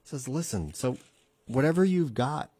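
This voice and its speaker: A man's voice: mid-range voice, animated, normal speed, mellow, slightly rough, no room sound. A man hosting a radio podcast, preaching in an earnest, conversational way and repeating phrases for emphasis. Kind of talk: casual radio sermon. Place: radio studio.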